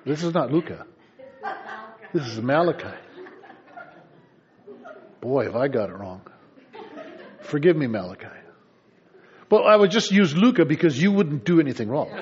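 A man's voice: on the high side, very animated, normal speed, pauses often, lo-fi sound, a crowd in the background. A man preaching a sermon in a conversational way, with playful asides to the congregation. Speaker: pastor.

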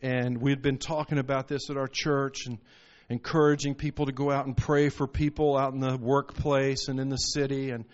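A man's voice: medium pitch, level tone, normal speed, hardly any pauses. Fervent preaching man, muffled recording. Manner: storytelling with rising, emphatic bursts. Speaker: pastor. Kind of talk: sermon.

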